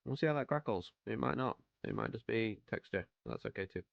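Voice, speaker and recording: He speaks briskly and expressively, his fairly low voice creaky. A livestream host from the United Kingdom, he paints miniatures while chatting casually and greeting viewers by name, heard with no echo and the highs cut off.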